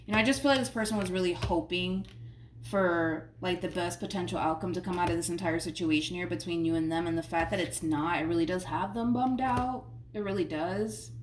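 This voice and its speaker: A woman's voice: lowish voice, fairly quick. A woman giving a casual tarot reading in an emphatic, slangy way, repeating her phrases for effect. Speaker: tarot reader. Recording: roomy sound from a distant mic, faint noise.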